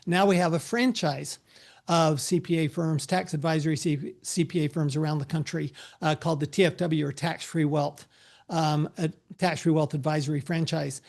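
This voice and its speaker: A middle-aged man, a tax advisor, giving a relaxed, anecdote-filled presentation over a video call with frequent restarts. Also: a little high, normal speed, vocal fry. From United States.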